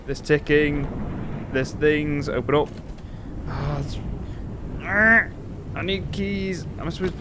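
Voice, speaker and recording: A man's voice: a little high, normal speed, noisy background. A young man commentating a horror game as he plays, talking to himself and jumping into panicked screams. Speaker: gaming YouTuber.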